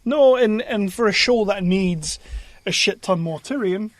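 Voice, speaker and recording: A man's voice: high-pitched, a little slow, no echo. A man co-hosting a podcast in a small studio, chatting casually and enthusiastically about films and TV, laughing and swearing often. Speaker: podcast co-host. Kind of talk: casual film chat.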